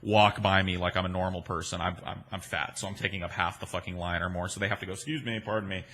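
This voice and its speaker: Profane, bright-voiced man telling stories. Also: low voice, level tone, fast. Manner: profane, rambling, self-deprecating, with restarts. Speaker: podcast host answering listener questions. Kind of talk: casual storytelling chat.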